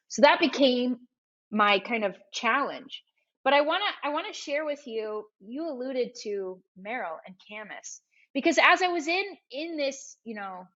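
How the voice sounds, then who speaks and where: A woman guest on a podcast interview, telling a personal story with lively, acted-out dialogue. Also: a little high, lo-fi sound. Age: adult, mother of school-age boys. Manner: animated storyteller who acts out quoted dialogue. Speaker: entrepreneur guest.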